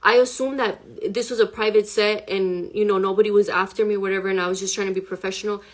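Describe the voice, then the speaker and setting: A woman's voice: mid-range voice, fairly even intonation, quick pace. Shaken young woman telling a scary story. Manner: emotional, swears often, fills speech with "like". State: shaken, reliving a frightening event. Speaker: hip hop artist. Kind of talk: casual storytime vlog.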